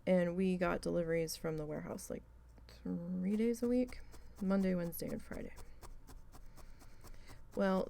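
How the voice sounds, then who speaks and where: A woman vlogger chatting casually while needle felting, animated and swearing freely as she tells a story. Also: lowish voice, gravelly, slight background noise, low-quality recording. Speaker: craft vlogger.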